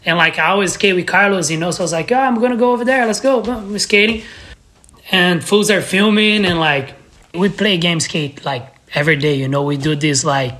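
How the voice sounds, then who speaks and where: A man's voice: a little high, steady tone, normal speed, bright, forceful tone. A man from Brazil, a guest on a podcast, telling a story in a loose, laughing, profane way with lots of restarts. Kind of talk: casual storytelling.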